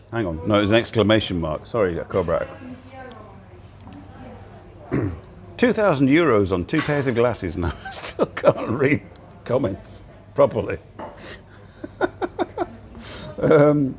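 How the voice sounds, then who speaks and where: Man, middle-aged, casual livestream chat, lowish voice, laptop mic, cafe. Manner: chatty, laughs often, self-mocking. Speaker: livestream host.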